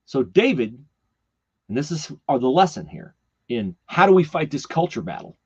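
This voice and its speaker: A man's voice: fairly high pitch, normal speed, husky. A man hosting a podcast, talking casually and animatedly as he retells a Bible story. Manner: animated storyteller who slips into character voices. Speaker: podcast host. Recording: slightly dull lo-fi podcast audio.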